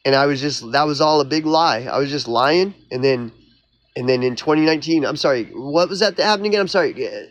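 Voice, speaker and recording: A YouTuber from Oklahoma delivers a heated, sarcastic rant in a vlog monologue, sounding mocking and exasperated. His voice is a little high and brisk.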